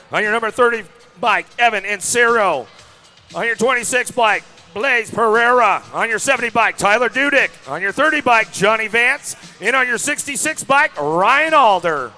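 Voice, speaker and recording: A man calls a BMX race live with a very high, piercing voice. He works the crowd and reads out each rider by bike number, with faint music behind. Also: expressive, moderate pace, pushed and bright. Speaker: race announcer. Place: outdoor BMX track.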